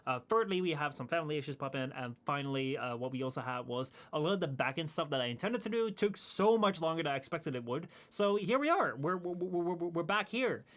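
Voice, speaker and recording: A man's voice: fairly high pitch, animated, brisk, hardly any pauses, a bit bright. A young man streaming and chatting casually, rambling and laughing often at himself. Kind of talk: casual chat.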